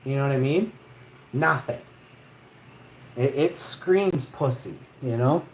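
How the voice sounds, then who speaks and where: A man telling a rough, profane story in a blunt, casual way as a vlogger. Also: mid-range voice, takes it slowly, a little hiss or hum. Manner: blunt and profane, peppered with "eh" and "you know". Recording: roomy echo.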